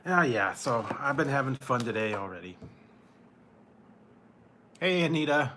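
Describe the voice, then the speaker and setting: Male food-review streamer who talks slowly and brightly, easygoing and giggly with his viewers. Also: medium pitch, slight background noise. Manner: chatty, laughs often, greets viewers by name. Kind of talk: casual live chat with viewers.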